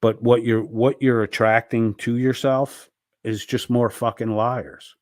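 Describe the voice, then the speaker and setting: A man's voice: mid-range voice, flat delivery, a little slow, dry recording, studio quality. A man ranting angrily at another streamer, swearing and berating. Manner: angry, profane, berating. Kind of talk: ranting monologue.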